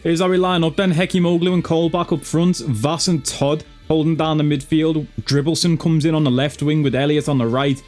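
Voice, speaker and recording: A man's voice: on the high side, flat delivery, brisk, few pauses, a little mellow, faint music behind. A man commentating on his football game, slangy and full of swearing, calling everyone lad. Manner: swears a lot. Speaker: gaming YouTuber. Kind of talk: gameplay commentary.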